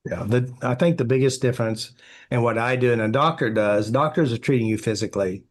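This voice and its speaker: A man's voice: mid-range voice, a little fast. A man, a therapy practitioner, answering interview questions with anecdotes, acting out quoted dialogue and filling with "you know".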